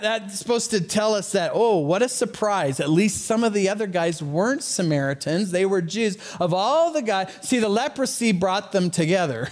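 Middle-aged man, pastor in the pulpit, high voice, storytelling sermon with asides and chuckles. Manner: storytelling, animated with asides and small laughs.

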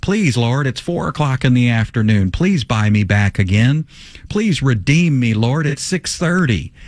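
A man's voice: medium pitch, lively intonation, a little slow, no echo, studio quality. A man acting out an anxious believer who begs in prayer, again and again, to be redeemed. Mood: pleading. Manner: pleading, repetitive.

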